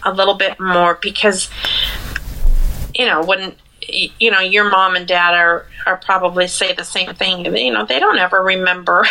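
A woman's voice: medium pitch, steady tone, normal speed, sharp tone, a little hiss or hum, rough recording. A middle-aged woman co-hosting a podcast, talking in an earnest, reflective way with many fillers and restarts. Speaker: podcast co-host. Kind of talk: casual podcast conversation.

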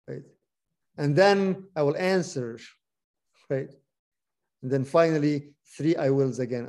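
A man reading scripture aloud and teaching on it, animated, stressing key words, often restarting his sentences. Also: a little high, creaky. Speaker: Bible study teacher.

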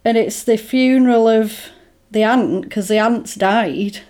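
Her voice is a little high with a darkish tone and a measured pace. As a podcast co-host in casual chat, she retells a film scene by scene, sprinkling in "like" and "basically" and performing the characters' lines.

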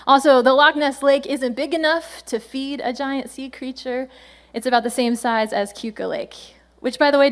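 A woman senior pastor giving a chatty, playful sermon, laughing often as she talks. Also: fairly high pitch.

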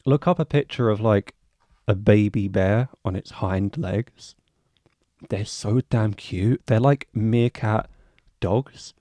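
A man's voice: lowish voice, takes it slowly, mellow, no echo. A young man hosting a casual solo podcast, rambling, swearing freely and joking at his own expense. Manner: rambling, swears freely, self-mocking asides. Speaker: podcast host.

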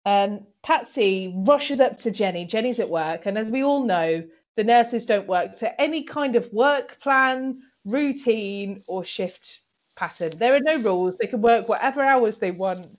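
A woman co-hosting a casual podcast chat, animated and sweary, laughing often. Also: fairly high pitch, unhurried. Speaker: podcast co-host recapping a TV episode.

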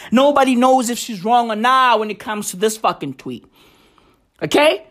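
A man's voice: extremely high pitch, animated, normal speed, a bit bright. A man giving casual vlog commentary on tweets, swearing a lot and repeating rhetorical questions for emphasis. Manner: profane, emphatic, keeps asking rhetorical questions. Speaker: vlogger reacting to tweets.

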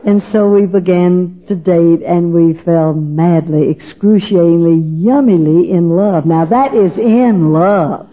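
A woman's voice: on the low side, takes it slowly, hardly any pauses, phone-quality sound. An older woman telling her personal faith testimony in a folksy, humorous, chatty way, acting out what others said. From Texas. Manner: humorous, chatty, emotional, acts out the voices of others. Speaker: speaker giving a personal testimony.

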